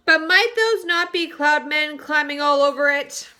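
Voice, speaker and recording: A cocky, sharp-tongued male centipede, read by a woman snaps out his lines briskly. The voice sits high and bright for a storybook read-aloud. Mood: wary.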